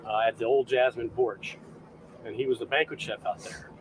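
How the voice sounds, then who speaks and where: A man, a chef, chatting casually outdoors by a boat dock and telling animated stories. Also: mid-range voice, moderate pace, a little hiss or hum, rough recording. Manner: animated, acts out quoted voices. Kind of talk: casual storytelling chat.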